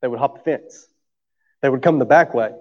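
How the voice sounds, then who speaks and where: A man's voice: medium pitch, fairly quick, in a large hall, highs cut off. A man preaching a sermon. He talks to the room in a conversational way, often checks for agreement, and has an allergy cough. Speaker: pastor.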